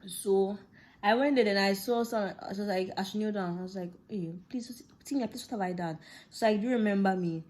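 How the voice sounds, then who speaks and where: Young woman, Ghanaian English accent, casual storytelling, animated, acts out quotes, mid-pitched voice. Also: fairly quick. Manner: animated, laughing, acts out dialogue. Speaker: vlogger.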